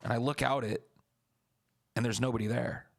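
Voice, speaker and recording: A man's voice: mid-range voice, steady tone, normal speed, vocal fry. A young man streaming, telling a story casually and talking back to his chat in a profane, blunt, laid-back way.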